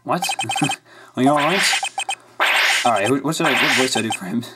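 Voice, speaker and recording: A man's voice: mid-range voice, animated, normal speed, heavy background noise. A man giving casual, hesitant commentary while playing a video game. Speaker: let's play gamer. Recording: loud game music behind.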